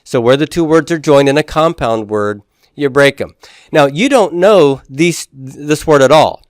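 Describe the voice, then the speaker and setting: A man's voice: on the high side, expressive, measured pace, no echo, studio quality. A man lecturing a class on Greek pronunciation and syllable division, explaining step by step and often checking in with his listeners. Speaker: Greek teacher.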